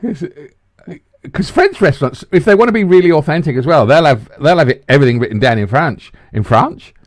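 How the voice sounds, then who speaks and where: Animated man, podcast banter. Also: a little high, fast, no echo, studio quality. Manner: animated, swearing, laughs often. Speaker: podcast co-host. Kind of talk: casual banter.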